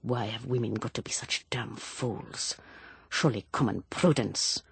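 A woman's voice: low-pitched, big pitch swings, takes it slowly, mellow, husky, dry recording, heavily acted. A woman voicing a wary scheming man. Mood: guarded. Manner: curt, secretive, cautious.

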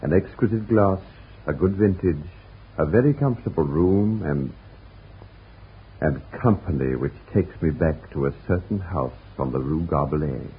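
An actor playing a shrewd, suave Parisian novelist with a polished, probing manner in a vintage radio drama. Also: male voice, low voice, moderate pace, lightly acted. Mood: genial. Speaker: visiting novelist. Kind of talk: 1940s radio acting. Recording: tinny old radio broadcast.

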